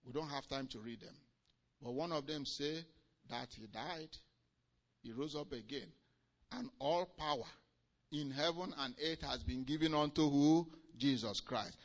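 A male preacher delivering a sermon with emphatic swings between loud declarations and quiet asides. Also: on the high side, unhurried.

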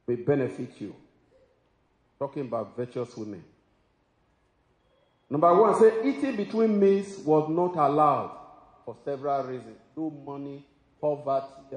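Male preacher, somewhat high voice, emphatic sermon delivery, roomy hall reverb. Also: darkish tone. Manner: emphatic preaching with exclamations and laughs. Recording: echoey hall with long reverb.

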